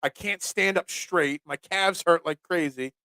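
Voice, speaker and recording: A man who hosts a casual sports talk show and rambles through animated stories. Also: fairly high pitch, a little slow, clear, resonant tone, no room sound. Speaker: sports podcast host and pizza shop owner.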